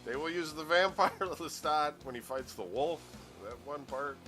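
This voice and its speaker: A man's voice: a little high, normal speed, pushed and bright, soft background music. A man hosting a gaming news show, reading items aloud and adding sarcastic asides.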